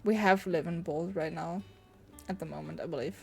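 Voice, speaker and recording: A woman with a fairly low, creaky voice and fairly even intonation streams a game at normal speed, with music faintly behind her. Sniffly and coming down with a cold, she chats and rambles to her viewers in casual livestream commentary.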